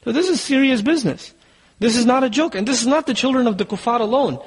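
Man preacher, high husky voice, urgent and exhorting, long hall reverb. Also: fast. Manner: urgent, exhorting, asks rhetorical questions. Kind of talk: sermon.

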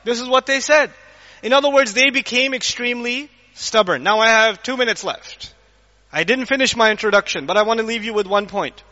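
Animated high-voiced male lecturer, lo-fi. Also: fairly quick, long reverb tail. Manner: animated, acts out scenes and quizzes the audience. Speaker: Islamic lecturer. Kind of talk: lively Quran lecture to a live audience. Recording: dull lo-fi lecture recording.

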